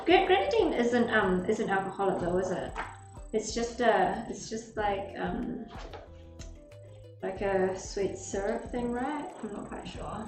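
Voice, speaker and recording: A young woman livestreamer with a higher voice chats casually and rambles while reading drink recipes aloud to viewers. She's recorded off-mic from a distance, with roomy echo and faint music.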